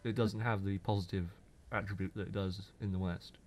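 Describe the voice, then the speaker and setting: A young man with a low voice co-hosts a podcast, speaking briskly over slight background noise. He's animated and teasing toward his co-host in this casual chat, and clearly knows his games.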